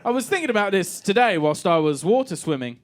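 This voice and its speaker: A man's voice: high-pitched, sing-song, a little fast, very noisy. A man in his thirties performing a wry, chatty stand-up set in a comedy club, playing to the crowd. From England. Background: audience laughter.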